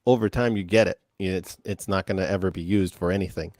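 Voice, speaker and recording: A male co-host with a fairly low voice joins the casual chat, jokey and prone to repeating words as he starts a thought. The recording is close and dry, with no room sound. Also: fairly even intonation, a little fast, darkish tone, no echo.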